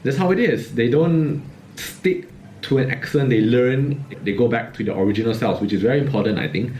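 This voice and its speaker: A man's voice: mid-range voice, fairly quick, a little mellow, reverberant, a little hiss or hum. A young man from Malaysia with a Malaysian English accent, vlogging in a casual, musing way, his statements often rising like questions. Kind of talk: casual reflective talk to camera. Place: outdoors in cold weather.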